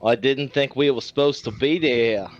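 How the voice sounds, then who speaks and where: A man playing in a tabletop game, chatting casually and halting as he searches for words. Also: medium pitch, muffled recording, faint music behind. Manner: hesitant, halting. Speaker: player.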